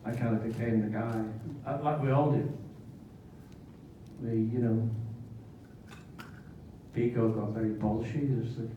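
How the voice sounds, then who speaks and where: A man's voice: mid-range voice, fairly even intonation, measured pace, long pauses, warm tone, slight background noise. An older Englishman spins chatty anecdotes at a convention panel, often breaking into laughter. He sits well away from the phone that records him, so his voice arrives dulled and drenched in the hall's heavy echo, over a faint murmur. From England. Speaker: convention panel guest actor. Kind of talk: anecdotal storytelling. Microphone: phone recording from the audience. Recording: echoey hall from far off, dull phone audio.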